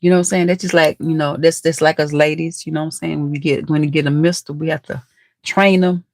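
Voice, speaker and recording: Speaking fast in a steady, deep voice, a woman runs a live stream in a dry, clean studio recording. She jokes with her viewers, reading their comments, teasing, laughing frequently, and calling them "baby" or "nephew."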